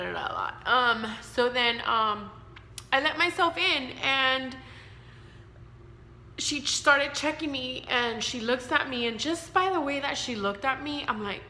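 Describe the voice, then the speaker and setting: A woman's voice: fairly high pitch, sharp tone, roomy sound, a little hiss or hum. A woman in her thirties telling her own story to camera, candid and emotional, rambling with fillers. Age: 30s. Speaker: vlogger.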